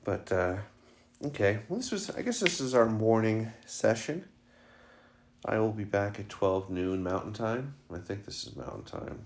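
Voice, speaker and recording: A man's voice: on the low side, expressive, unhurried. A man vlogging casually at home about his new puppy, joking and slipping into fond baby talk with her. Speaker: vlogger and dog owner.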